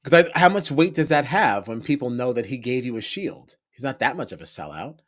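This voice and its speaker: A man co-hosting a podcast, relaxed and shrugging, brushing off points with "I hear you". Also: medium pitch, fairly quick. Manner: laid-back, shrugging, lots of "I hear you". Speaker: podcast co-host. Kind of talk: casual reality TV recap chat.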